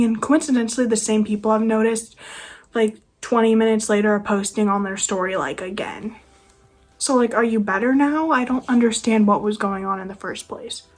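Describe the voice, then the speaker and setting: A nineteen-year-old woman ranting casually to camera, sarcastic and exasperated. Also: on the high side. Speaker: vlogger. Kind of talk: casual rant.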